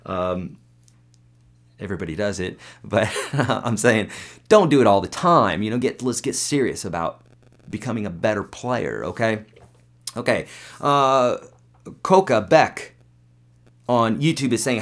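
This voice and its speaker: A man with a fairly low voice teaches guitar on a live webcast. He talks in a relaxed, rambling way, picking up viewer questions and answering them on the spot with plenty of filler words. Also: measured pace, long pauses. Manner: chatty, loose, answers viewer comments with fillers and demos.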